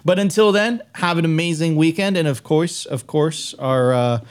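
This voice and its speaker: A man's voice: fairly high pitch, moderate pace, clean tone. Upbeat male live-show host. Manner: upbeat, hype-style sign-off with frequent restarts. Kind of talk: casual live-stream chat.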